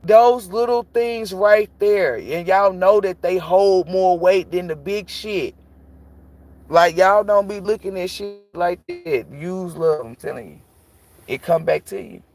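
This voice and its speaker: A man's voice: high voice, a little slow, darkish tone. Blunt, profane man preaching on a livestream. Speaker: tarot reader. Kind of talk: casual livestream talk.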